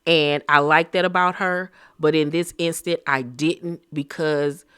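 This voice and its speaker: A man giving a casual, gossipy recap of a reality TV episode, talking in an animated, slang-filled way. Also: a little high, unhurried, clear, resonant tone, no room sound, clean studio sound.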